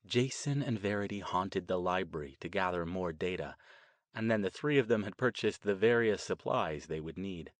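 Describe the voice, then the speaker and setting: A man reading an audiobook as narrator with steady, even storytelling. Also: low-pitched, normal speed, dry recording. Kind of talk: scripted narration.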